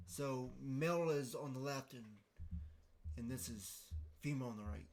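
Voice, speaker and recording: A man's voice: mid-range voice, moderate pace, darkish tone. Man musing aloud with frequent fillers. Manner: hesitant, many fillers and restarts, thinking aloud. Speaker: podcast host. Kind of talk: casual explanatory monologue.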